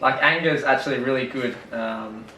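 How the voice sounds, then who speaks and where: A man's voice: medium pitch, a little fast, pushed and bright. A man in a casual chat, earnestly explaining and often chiming in to agree. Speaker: podcast co-host. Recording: roomy, distant mic with faint noise.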